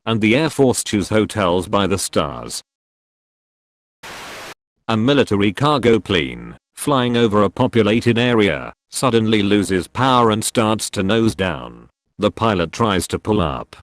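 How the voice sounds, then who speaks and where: A man tells military jokes in a scripted, measured way. His voice sits low and moves lively up and down between setup and punchline. The sound is dry and close, with no room around it. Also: no room sound. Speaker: joke narrator. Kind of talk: scripted joke reading.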